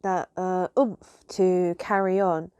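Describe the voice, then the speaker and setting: A woman's voice: fairly low pitch, level tone, slow pace, mellow, clean tone, no echo. A woman vlogger chatting casually and emotionally, rambling with lots of fillers and restarts. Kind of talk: casual chat.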